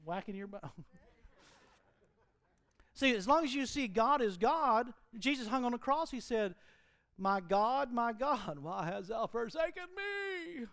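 High, bright-voiced preaching man. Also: unhurried, long pauses, no echo, clean studio sound. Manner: animated, mimics fiery preachers, laughs at own jokes. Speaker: pastor. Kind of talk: sermon. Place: church.

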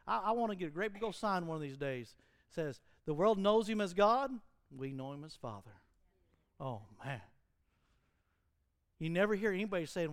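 A high-voiced, middle-aged male pastor preaches animatedly in a church, doing impressions of fiery preachers and laughing along with his own jokes. The audio has no echo.

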